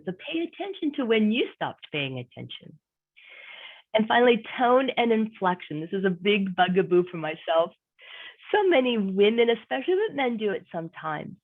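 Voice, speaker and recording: Over tinny, phone-like audio, a woman career coach presents an online workshop in a high-ish, sing-song voice at a moderate pace. Conversational yet emphatic, she keeps returning to her key points.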